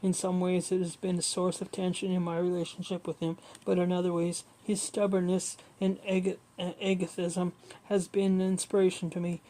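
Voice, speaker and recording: A woman reading a memoir aloud in a steady manner, often stumbling and correcting herself. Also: lowish voice, normal speed, rough recording. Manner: steady reading with frequent slips and self-corrections. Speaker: audiobook reader.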